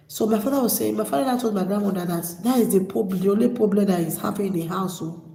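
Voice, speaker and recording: A Nigerian woman vlogger telling her personal story, emotional and halting, holding back tears. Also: mid-range voice, gravelly, warm tone, a little hiss or hum. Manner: emotional, halting, many restarts. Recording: echoey hall with long reverb.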